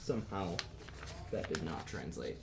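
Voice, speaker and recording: A man's voice: rumbling low, lively intonation, a little slow, very noisy. A man in his twenties, a composition student, talking casually and thinking aloud in a lesson. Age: 20s. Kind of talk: private lesson discussion. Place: university music lesson room.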